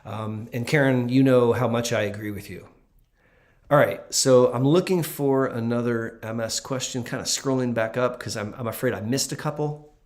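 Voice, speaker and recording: A man's voice: medium pitch, normal speed, darkish tone. Earnest man, a doctor taking viewer questions. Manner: earnest and emphatic, with frequent fillers. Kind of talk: casual livestream Q&A.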